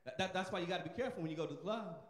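A man's voice: high-pitched, very fast. A male pastor preaching a sermon emphatically and calling out to the congregation in a church sanctuary. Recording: echoey church hall.

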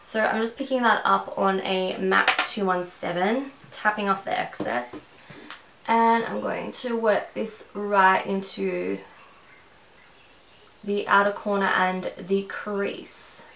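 A chatty Australian woman rambling through a makeup tutorial at home. Her voice has a gravelly, fry-tinged edge, and the room around her sounds echoey. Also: mid-range voice, steady tone, slow pace, fairly bright tone, slight background noise. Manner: rambling, conversational. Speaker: beauty vlogger.

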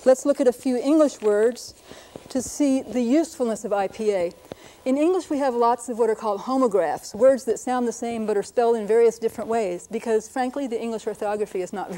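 A woman linguist presenting a televised lesson, explaining briskly and sounding out words to demonstrate them. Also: on the high side, dark tone, low-quality recording. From United States.

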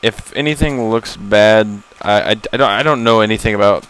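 A man's voice: fairly low pitch, normal speed, a bit bright, clean tone, poor audio. A young man giving casual, rambling commentary on a game he is playing for the first time, self-deprecating and easily startled, swearing when surprised. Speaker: gamer recording a first-time playthrough. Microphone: laptop setup.

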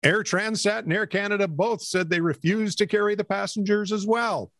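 A man's voice: high voice, normal speed, a bit bright, dry recording, studio quality. A man co-hosting a casual comedic news podcast, reading stories aloud, laughing easily and trading quips. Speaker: podcast co-host.

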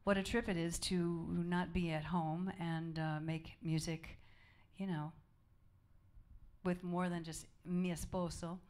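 A woman jazz singer in relaxed, chatty stage banter between songs at a small club, speaking softly with easy fillers and asides. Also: lowish voice, slow. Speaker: jazz vocalist leading a band. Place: small live music club, indoors. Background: jazz band instruments.

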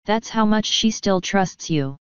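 A woman voicing a grave, earnest royal mare who speaks in a measured, solemn way, in a storybook reading. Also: mid-range voice, animated, clean tone, no echo, close to an everyday voice. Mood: pleading. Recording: dull lo-fi recording.

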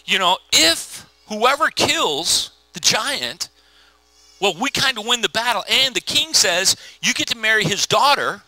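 Lively high-voiced pastor, very bright tone. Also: male voice, a little slow, dry recording, poor audio. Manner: animated storyteller, acts out biblical characters in slangy voices. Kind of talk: casual conversational sermon.

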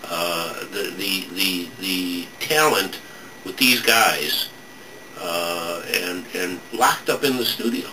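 A man hosting a casual studio chat, rambling and halting as he searches for names. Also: sits low, sharp tone. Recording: distant mic with background noise.

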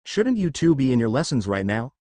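Cheerful young alien princess, friendly, lively inflection, dry close sound, voiced by a man. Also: mid-range voice, fairly quick, no echo. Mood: scolding. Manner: bright, friendly.

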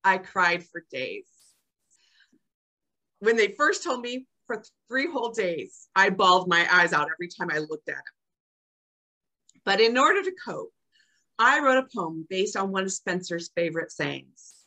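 An older woman delivers a prepared speech at an unhurried pace. Her pitch swings widely as she recites her own poems, jumping high to act out quoted lines. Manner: expressive, acts out quoted lines with big pitch jumps. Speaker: club speaker.

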